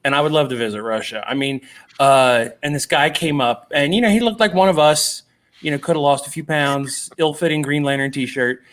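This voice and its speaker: A man in casual conversation, telling anecdotes with plenty of fillers and little acted-out quotes. His voice sits a bit higher than most men's. He pokes fun at himself as he goes. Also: fairly quick, a bit bright. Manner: self-deprecating, acts out quoted voices, many fillers. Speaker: guest comic artist. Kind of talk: casual storytelling chat.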